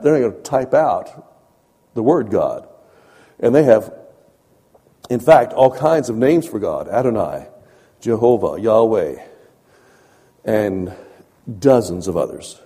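This preacher talks with his audience as if in conversation, building his points through repeated phrases at a slow pace with long pauses. His fairly low, mellow, slightly husky voice swings widely in pitch, going soft for asides and strong for emphasis. The recording has a long, large-hall reverb.

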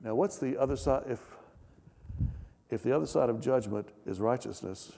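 A man's voice: mid-range voice, moderate pace, creaky, mellow, big-room sound. A man preaching a sermon, reading scripture aloud with rising emphasis and asking his listeners questions. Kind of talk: sermon, Bible teaching.

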